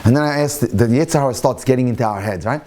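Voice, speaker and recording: A man, a rabbi, telling a story in a sermon, animated and swinging into excited quoted voices. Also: medium pitch, very fast. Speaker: rabbi lecturer.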